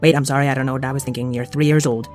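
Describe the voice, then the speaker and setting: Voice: medium pitch, fairly even intonation, very fast, darkish tone, soft background music, natural voice. A storyteller voicing a tired, fussy mother who dotes on her children. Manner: fussing, doting.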